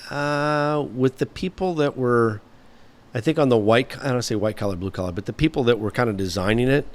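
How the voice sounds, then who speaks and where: A man's voice: medium pitch, brisk. A man in his fifties, a guest on an interview show, telling long stories with loose, rambling phrasing and many fillers. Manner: rambling, anecdotal, frequent "you know" fillers. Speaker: guest, former automotive engineer. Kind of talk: storytelling interview answers.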